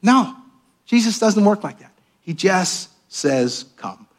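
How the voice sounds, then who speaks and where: A male pastor delivering a sermon in a church sanctuary, his voice sitting a little above the usual male range. He preaches with animation, rising for emphatic questions and dropping to quiet, intimate asides. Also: high-pitched, a little slow. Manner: animated preaching, swings between raised emphatic lines and hushed asides.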